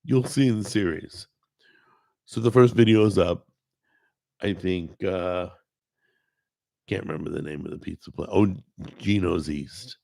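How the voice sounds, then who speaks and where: A man's voice: low voice, measured pace, vocal fry, pauses often, darkish tone, dry recording. A man hosting a live stream, chatting casually and rambling, greeting people in the chat and often correcting himself. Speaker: host.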